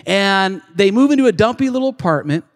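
High-voiced pastor guy preaching, lively storytelling, long church echo. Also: brisk. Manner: animated storytelling, acting out scenes. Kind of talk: sermon. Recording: long reverb of a large hall.

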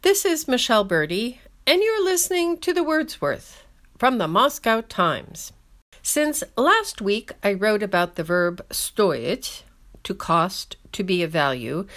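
A woman's voice: mid-range voice, fairly bright tone. A woman hosting a scripted language lesson with wry, dry humor, speaking English as her first language. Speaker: language column host.

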